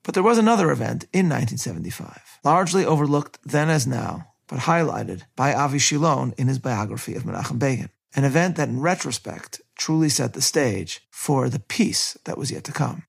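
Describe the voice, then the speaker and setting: A man giving a scripted history narration in a measured way, reading quotations aloud as a lecturer. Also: mid-range voice, lively intonation, gravelly, breathy edge.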